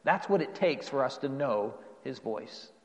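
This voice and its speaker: A man preaching a sermon earnestly, asking rising questions and letting phrases fall away softly. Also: medium pitch, expressive, a little slow, highs cut off. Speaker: pastor. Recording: long reverb of a hall.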